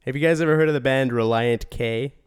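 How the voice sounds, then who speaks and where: A man's voice: medium pitch, clean tone. Casual rambling podcast host man. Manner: rambling, halting restarts.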